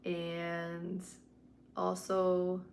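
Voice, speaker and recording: Lowish-voiced woman chatting on a livestream. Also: monotone, drawn-out words, gravelly, slight background noise. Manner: mixes english and spanish, swears freely, candid. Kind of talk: casual livestream chat. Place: home at night.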